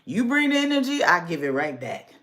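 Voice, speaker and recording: A smooth-talking man full of excuses, drawled with mockery and pitched well below the speaker's own voice, as a woman puts him on. He sounds sly and dismissive. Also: sing-song, a little fast, a bit bright. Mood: mocking.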